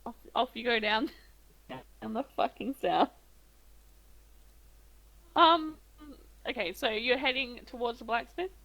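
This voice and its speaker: A woman's voice: on the high side, lively intonation, slow, pauses often, fairly bright tone, low-quality recording. A woman running a tabletop game as game master, improvising with many fillers.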